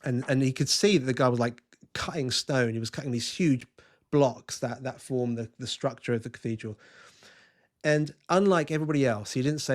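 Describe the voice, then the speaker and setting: A man's voice: medium pitch, normal speed. A man, a guest on a podcast interview, talking enthusiastically, telling stories and often restarting his sentences. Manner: enthusiastic storytelling with frequent restarts. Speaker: guest culture consultant.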